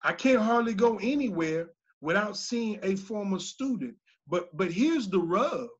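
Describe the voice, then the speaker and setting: A man's voice: sits high, a little slow, breathy edge, lo-fi sound. A man, a former teacher, telling stories in a casual panel talk and acting out the voices he quotes. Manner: animated storyteller, acts out quoted voices loudly.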